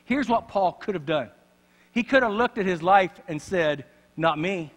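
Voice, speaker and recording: A man preaching a sermon in a church, swinging dramatically from loud passages to hushed ones. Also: high voice, lively intonation, normal speed. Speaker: pastor. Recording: long church reverb.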